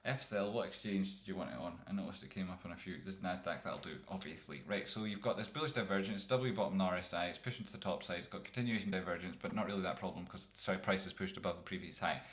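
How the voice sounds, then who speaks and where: Lowish, bright-voiced man, rambling trading streamer, cracks crude jokes. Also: fast talker, hardly any pauses. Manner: rambling, jokey, profane. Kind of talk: live chart analysis.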